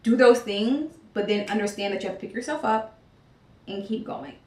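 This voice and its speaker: A woman's voice: on the high side, normal speed, distant mic. A young adult woman talking candidly to her channel, casual and earnest, with frequent "like" and "um" fillers. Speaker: vlogger. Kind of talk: candid confessional chat. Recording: roomy sound, voice off from the mic.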